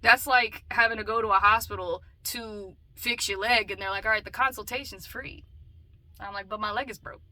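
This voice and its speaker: Bright-voiced chatty woman vlogger. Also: medium pitch, moderate pace, no echo. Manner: chatty and animated, swings between loud bursts and muttered asides. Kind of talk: casual talking-to-camera vlog.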